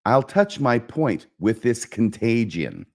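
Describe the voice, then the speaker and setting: A man's voice: medium pitch, sing-song, slow, darkish tone. A man reading a vengeful young nobleman's lines aloud in a plain reading voice. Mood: determined.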